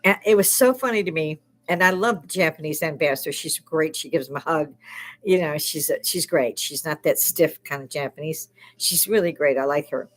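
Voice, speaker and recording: A woman's voice: low-pitched, moderate pace. An older woman hosting a casual livestream from her bar, swearing freely and breaking into laughs often. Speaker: livestream host.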